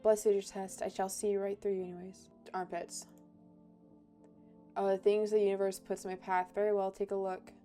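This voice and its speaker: A woman's voice: medium pitch, level tone, normal speed, mellow, soft background music. A woman streamer doing offhand, reactive commentary during a game playthrough and reading the game's text aloud. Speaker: gaming streamer.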